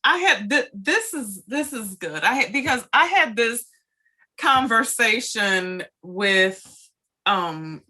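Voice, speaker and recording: Female host, bright and slightly high voice, chatty storyteller. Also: animated, takes it slowly. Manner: chatty, laughs, mimics others' words. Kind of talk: casual chat.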